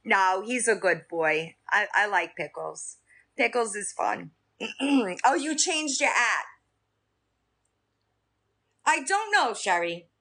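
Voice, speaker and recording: A woman's voice: mid-range voice, takes it slowly, long pauses. A woman from Staten Island with a New York accent, chatting casually with viewers on a live stream and laughing often. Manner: talks straight to chat, lively, laughs often.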